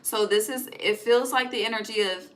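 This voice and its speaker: A woman's voice: fairly high pitch, moderate pace, very noisy. A young woman giving a casual tarot reading, chatty and profane, often laughing and trailing off mid-thought. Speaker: tarot reader.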